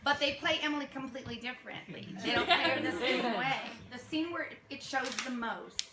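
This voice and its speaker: A woman's voice: high-pitched, animated, fairly quick, heavy background noise. A woman directing a youth theater cast, speaking to them with laughter and acting out their lines. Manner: warm, laughing, acts out lines. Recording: echoey room with a crowd. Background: audience murmur and laughter.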